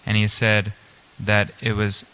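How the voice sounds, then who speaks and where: A man's voice: fairly low pitch, monotone, unhurried, bright, forceful tone, clean tone, low-quality recording. A man giving a storytelling scripture class at a temple, speaking casually with many fillers and restarts. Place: temple hall.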